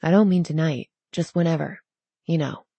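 A woman reading the part of a troubled young man who sounds tired and quiet. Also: low-pitched, normal speed, slightly rough, dry recording. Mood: weary.

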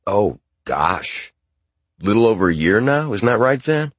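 A man's voice: fairly low pitch, very animated, unhurried, slightly rough, no echo, pitched above the performer's own voice, full character voice. A male narrator voicing a flashy middle-aged father who talks breezily over frayed nerves. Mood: breezy. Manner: breezy, nervy.

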